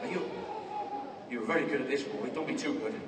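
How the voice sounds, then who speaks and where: A man's voice: mid-range voice, fast, recorded from a distance, background noise. A man performing a playful children's magic show on stage, joking with a young helper and yelping in mock pain. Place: large theatre stage before a crowd. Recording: roomy hall with loud crowd, miked from afar.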